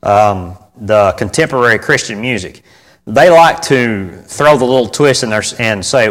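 A man's voice: mid-range voice, expressive, a little slow, fairly bright tone. Man preaching in a reverberant hall. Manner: conversational, repeats phrases for emphasis, asks the audience for responses. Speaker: preacher teaching on church music. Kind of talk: informal sermon to a congregation.

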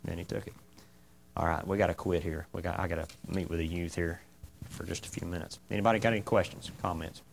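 A man leads an informal Bible study in a folksy, lively manner. He keeps asking his listeners questions and drives his points home. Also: deep voice, fast, gravelly, slight background noise. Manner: folksy and animated, asks the group many questions. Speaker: preacher teaching a Bible class.

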